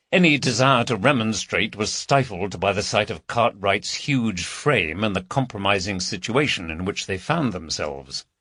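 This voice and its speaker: Man narrating a murder mystery, raspy gravelly voice, dry close mic. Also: lowish voice, a bit bright, no echo. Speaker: audiobook narrator. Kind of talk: scripted narration.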